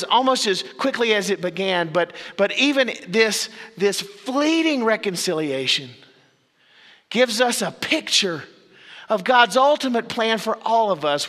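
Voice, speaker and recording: A male pastor preaches a sermon, his voice high and bright. He moves through dramatic pauses and sudden drops to low, quiet phrases. A long reverb from a big church hall rings behind him.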